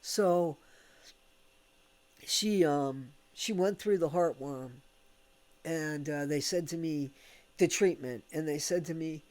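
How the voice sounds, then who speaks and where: A man's voice: a little high, takes it slowly, pauses often, darkish tone. An American man telling a candid, rambling story at home, swearing casually and laughing between thoughts. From United States. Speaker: vlogger. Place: at home with his dog.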